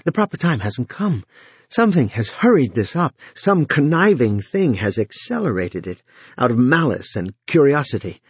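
A man's voice: mid-range voice, sing-song, normal speed, breathy edge, dry recording, pitched above the performer's own voice. A man voicing an exhausted, dying man who speaks in weary, strained lines.

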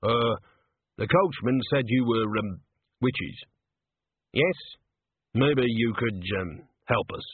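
A man's voice: mid-range voice, slow pace, long pauses, slightly rough, no room sound. A man voicing a worried, hesitant innkeeper who stumbles over his words. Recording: dry, tinny phone-like sound.

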